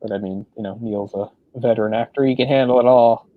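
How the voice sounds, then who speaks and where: A man's voice: medium pitch, fairly even intonation, fairly quick. Chatty man on a dull, lo-fi recording. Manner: rambling, filler-heavy. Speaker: podcast co-host. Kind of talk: casual film discussion.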